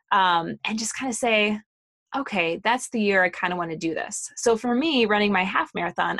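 A woman's voice: medium pitch, fairly bright tone, dry recording. A woman in her thirties, a fitness trainer, giving a casual motivational talk in a chatty way full of fillers and asides.

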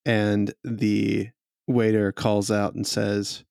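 رجل يدير لعبة أدوار كمدير اللعبة، يروي ببطء ويضحك كثيرًا. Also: male voice, on the low side, monotone, takes it slowly, creaky, a little mellow, no room sound, studio quality. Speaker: game master. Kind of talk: narrating a tabletop game.

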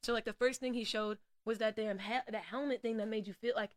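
Brief: excitable woman, casual swearing chatter, higher pitch. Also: fast, no room sound. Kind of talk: casual chat.

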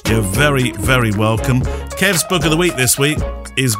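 Chatty male podcast host, animated delivery, quick laughs, light music bed. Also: mid-range voice. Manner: chatty, laughs often, rambling with restarts. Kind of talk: casual chat.

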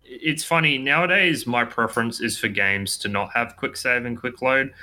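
A man's voice: medium pitch, normal speed, pushed and bright. A man co-hosting a game review podcast in casual chat, opinionated. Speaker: podcast co-host reviewing games.

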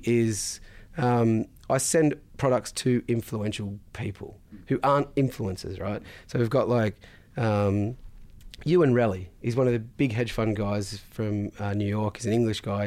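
A man's voice: on the low side, a little mellow. A man, a guest in a casual interview, telling stories bluntly and swearing freely. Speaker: podcast guest, business founder.

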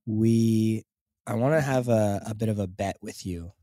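A man co-hosts a relaxed podcast from a hotel room. He jokes, teases and laughs easily, with casual swearing. The sound is dry and close. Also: on the low side, measured pace, no room sound. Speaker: podcast co-host.

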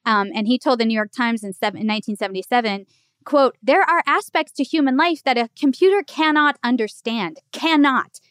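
A woman's voice: on the high side, brisk, clean tone, dry recording, studio quality. A woman co-hosting a podcast, chatting casually and reacting expressively. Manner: expressive, reacts with gasps and laughs. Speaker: podcast co-host. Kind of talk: casual chat.

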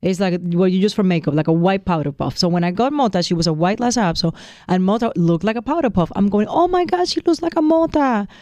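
A man with a high voice chats on a podcast, telling stories with lively acted-out quotes. His tone is dark and mellow, recorded dry and close. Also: fast, no room sound. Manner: animated storyteller, acts out quotes in a higher voice. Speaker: podcast co-host. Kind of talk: casual chat.

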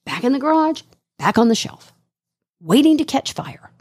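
Animated storytelling woman co-host. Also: high voice, normal speed, no echo, clean studio sound. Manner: animated storyteller, acts out quotes. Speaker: radio show co-host. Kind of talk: casual chat.

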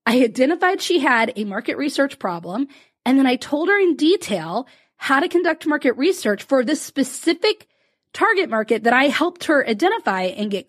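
A high-pitched woman hosting a podcast, animated and chatty as she speaks straight to her listeners. Her voice swings widely between high and low, and she breaks into laughter often while she tells the story. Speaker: podcast host and business coach.

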